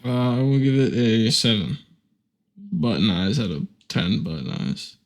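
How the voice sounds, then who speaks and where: A man's voice: fairly low pitch, sing-song, unhurried. Young man giving a laid-back race recap. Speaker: podcast co-host. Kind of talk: casual sports recap.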